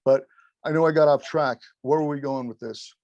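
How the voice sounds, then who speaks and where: Profane, rambling former referee telling stories. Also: male voice, on the high side, brisk, no echo, dull audio. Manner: animated, swears constantly, acts out quotes. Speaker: former wrestling referee, interview guest.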